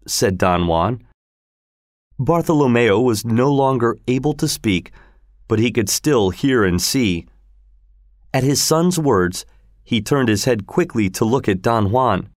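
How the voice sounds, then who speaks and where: A man reading a story aloud as the narrator, in a slow, expressive storytelling manner. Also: medium pitch, dry recording, studio quality. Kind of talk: scripted audiobook narration.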